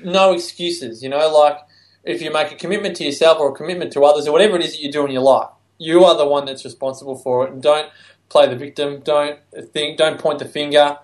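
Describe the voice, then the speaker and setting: A man's voice: fairly high pitch, steady tone, fast talker. A man, telling stories and laughing through them in casual podcast chat. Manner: warm storytelling, laughs while speaking. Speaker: podcast co-host.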